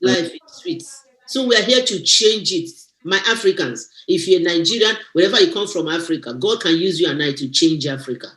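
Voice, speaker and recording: Lively, preachy woman in an echoey room. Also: lowish voice, fairly quick. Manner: animated and preachy, exclaims and teases. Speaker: guest speaker. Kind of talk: motivational testimony on a live stream.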